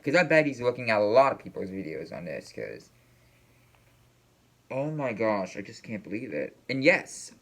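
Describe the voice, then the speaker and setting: A man talks through his reaction in loose, unscripted commentary. He rambles and stalls, stacking fillers and false starts as he hunts for his words, and his voice sits at an ordinary middle pitch. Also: sing-song, a bit bright. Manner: rambling, halting, full of fillers and restarts. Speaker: reaction video host.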